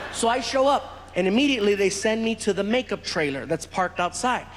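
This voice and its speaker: Man, stand-up comic, high bright voice, laughing storyteller, echoey hall. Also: moderate pace, noisy background. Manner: animated, laughing, doing voices. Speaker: comedian. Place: large theater stage.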